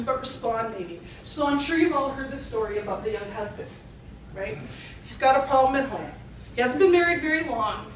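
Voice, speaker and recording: A woman's voice: a little high, a little hiss or hum. A woman speaking to a retreat audience in a conversational, joke-telling way. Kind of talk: talk to an audience. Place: retreat hall. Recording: echoey hall, distant mic.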